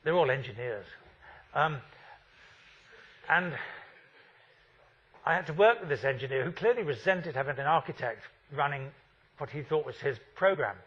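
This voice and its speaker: A man's voice: a little high, lively intonation, normal speed, pauses often, breathy edge, highs cut off. A man in his fifties giving a university architecture lecture, wry and full of rhetorical questions.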